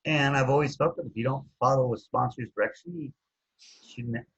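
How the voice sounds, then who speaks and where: A man with a husky voice casually telling his recovery story, rambling and looping back with "anyways", on a dull lo-fi recording. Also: mid-range voice, moderate pace. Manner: rambling, keeps saying anyways.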